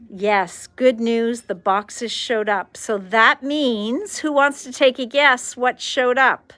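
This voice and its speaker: A chipper woman hosts a live shopping stream. She greets her viewers one by one at an unhurried pace, in a fairly high voice. The sound is dry and close, with no room around it. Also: fairly bright tone, no echo. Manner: chipper, greets viewers by name, switches between English and French. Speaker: shop host on a livestream.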